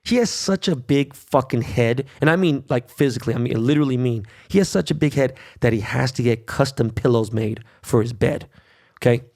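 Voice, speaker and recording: A man's voice: mid-range voice, brisk, a little mellow. A middle-aged man hosting his own podcast, ranting brashly and cursing a lot. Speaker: podcast host. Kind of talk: solo podcast rant.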